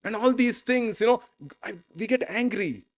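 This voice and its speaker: A man's voice: extremely high pitch, normal speed, no echo. A man preaching a sermon as pastor in an informal, conversational way. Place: church.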